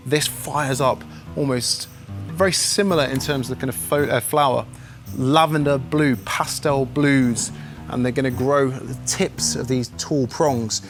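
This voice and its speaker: Music sits underneath as a man presents gardening advice in a casual outdoor demonstration. His mid-range voice holds a steady tone at a measured pace, yet he's enthusiastic and chatty, adding jokey asides.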